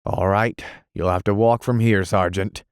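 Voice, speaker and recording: A man reading an audiobook voices an army officer of the guard who speaks in a brisk, matter-of-fact way. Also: fairly low pitch, steady tone, smooth, no room sound, studio quality, close to an everyday voice.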